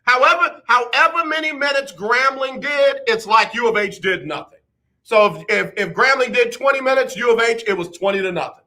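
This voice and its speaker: A man's voice: very high-pitched, brisk, bright, forceful tone. A man hosting a radio show, talking emphatically and dropping into mock quotes of other people. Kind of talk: animated radio talk monologue.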